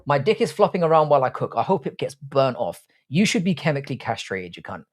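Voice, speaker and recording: A man's voice: mid-range voice, very animated, quick pace. A young man hosting a live stream, reading out viewer comments and answering them with crude, cocky banter and calling himself "your boy". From Britain. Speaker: livestream host.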